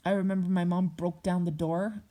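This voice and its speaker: A woman's voice: lowish voice, flat delivery, brisk, mellow. A young adult woman vlogger speaking bluntly and heatedly in a personal monologue, swearing often.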